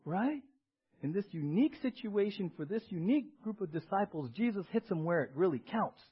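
Husky high-voiced pastor preaching. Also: male voice, animated, brisk. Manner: emphatic, rhetorical questions, repeats key words. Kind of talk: sermon. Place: church service. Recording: dull lo-fi sermon audio.

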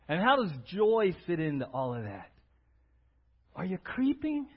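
Animated husky male preacher. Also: high-pitched, unhurried, pauses often, muffled recording. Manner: animated, conversational preaching with frequent "right?". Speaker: pastor. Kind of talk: sermon.

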